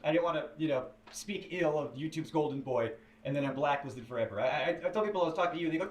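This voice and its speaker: Man telling an interview story, chatty and halting, slightly high voice, roomy echo, set back from the mic. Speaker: guest in an interview, former writer. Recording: distant, roomy interview audio played on stream.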